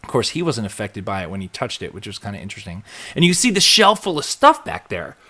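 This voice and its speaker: A man hosts a live show with a casual, animated recap chat, rambling along and acting out quotes and bits. He talks fast in a lowish voice.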